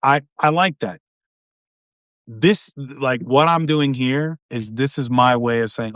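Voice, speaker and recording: A middle-aged man speaks on a live video call in an earnest, rambling way and keeps dropping in "you know". His voice sits at a typical pitch. The sound is dry and close. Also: a little slow, fairly bright tone, no room sound. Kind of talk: casual conversation on a live stream.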